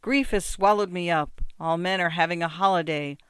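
A man's voice: sits high, moderate pace, clean tone, no room sound, clean studio sound. A man voicing a drunk, grieving peasant who pleads and threatens through tears. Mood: anguished. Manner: loud, tearful, pleading and threatening.

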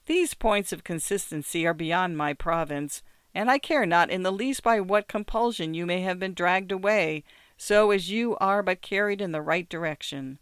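A courteous devil, calm and pleasant in his menace, as a male storyteller puts him on. His voice is smooth and resonant, sitting a touch high. The sound is dry and close. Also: normal speed, no room sound. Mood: smooth, polite. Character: suave, polite male devil visitor.

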